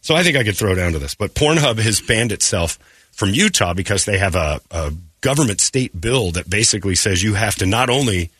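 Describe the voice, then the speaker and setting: Male radio host, slightly husky, dry studio sound, crude joking storyteller. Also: on the low side, lively intonation, fairly quick, a bit bright, no room sound. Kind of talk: casual comic talk radio.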